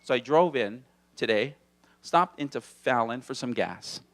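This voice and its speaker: A stand-up comedian from Hawaii performing in a small comedy room on a handheld stage mic, playful and animated, often dropping into silly voices. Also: male voice, measured pace. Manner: animated, playful, slips into character voices and movie-trailer deep voice.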